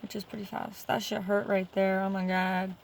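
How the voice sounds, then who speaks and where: A young adult woman vlogging casually to camera, rambling through a story with heavy profanity and animated retelling. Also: medium pitch, normal speed, creaky, slight background noise.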